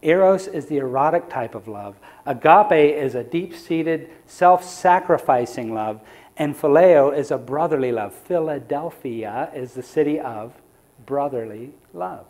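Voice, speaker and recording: Guy preaching in church, kinda high voice, chatty lecture, throws questions at the people. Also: expressive, unhurried, a little mellow. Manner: conversational, asks the audience questions. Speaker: evangelist. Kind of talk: lecture-style sermon.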